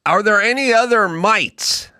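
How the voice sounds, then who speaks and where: A man's voice: sits high, unhurried, sharp tone, smooth, no echo, studio quality. A man hosting a casual chat, asking questions in a jokey, self-deprecating way. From United States. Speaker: podcast host.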